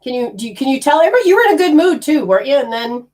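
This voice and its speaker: A woman's voice: sits high, big pitch swings, racing, darkish tone. A middle-aged woman teaching energy healing to a group in a casual, blunt way, swearing now and then.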